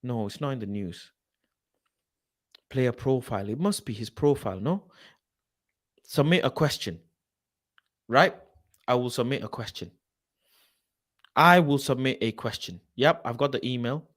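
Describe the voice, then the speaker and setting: A man hosts a football channel, ranting in a casual live stream. He swears, reads things aloud off a screen and keeps breaking into loud mock outrage. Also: mid-range voice, unhurried, long pauses. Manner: animated, exasperated, swearing, shouting in mock outrage.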